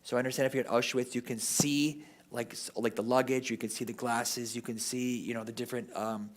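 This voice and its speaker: A man's voice: mid-range voice, steady tone, fairly quick. A man giving an informal history lecture at a parish, talking off the cuff and often ending sentences with "right?".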